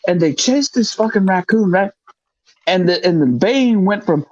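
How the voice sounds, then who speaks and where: A man telling a hunting story in casual podcast chat, profane and animated, acting out the other people's voices. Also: high-pitched, normal speed, no echo, lo-fi sound. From grew up in the projects. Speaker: podcast host.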